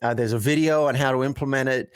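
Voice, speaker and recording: A man's voice: medium pitch, fairly even intonation, fast talker, smooth, no echo. A man coaching guest in an interview, telling stories earnestly and acting out example phrasings. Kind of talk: conversational interview.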